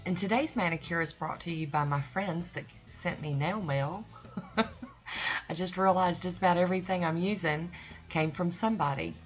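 Low voiced lady rambling thru a nail art tutorial, dull lo-fi audio, faint music behind. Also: moderate pace. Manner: rambling, folksy, loses her train of thought. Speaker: nail art channel host. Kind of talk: chatty tutorial voice-over.

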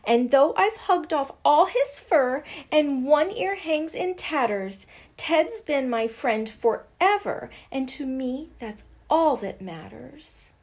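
A woman's voice: high voice, expressive, takes it slowly, few pauses, voice pushed up, full character voice. A woman doing a firm, kind little girl.

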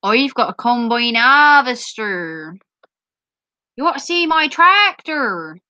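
A woman putting on a broad Norfolk accent to play a boastful rural farmer who drawls slowly. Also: a little high, big pitch swings, sharp tone, no room sound, dull audio, exaggerated voice.

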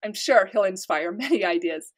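Casting: American woman author, mid-pitch, casual storytelling interview guest. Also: animated, moderate pace. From United States. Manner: chatty, storytelling with light laughs.

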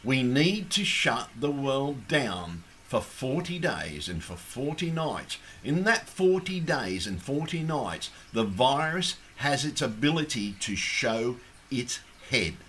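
A middle-aged man pressing his demands with insistent, repeated emphasis. His voice sits at an ordinary pitch, and a faint hiss runs under it. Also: sing-song, takes it slowly, a bit bright. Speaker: activist. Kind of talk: impassioned appeal to camera.

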